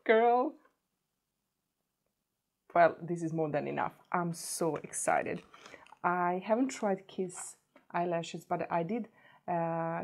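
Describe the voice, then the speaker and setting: A woman beauty vlogger chatting casually as she unboxes gifts, gushing and repeating words in her excitement. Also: fairly low pitch.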